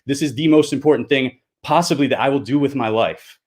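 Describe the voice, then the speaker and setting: A man's voice: mid-range voice, a little fast. A man, co-founder of a project, hosting a live stream and talking earnestly, growing heated and insistent, with frequent restarts. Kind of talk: unscripted livestream monologue.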